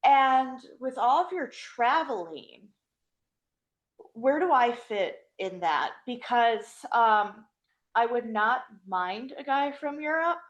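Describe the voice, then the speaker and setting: A woman's voice: on the high side, animated, takes it slowly, lo-fi sound. A young woman hosting a podcast and chatting casually, playful and teasing, laughing often. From Wisconsin. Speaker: podcast host. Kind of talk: casual chat.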